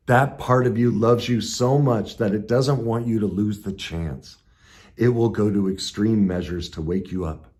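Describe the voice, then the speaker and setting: Man, very low voice, self-help coach, earnest, emphatic, intense then hushed. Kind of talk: motivational monologue.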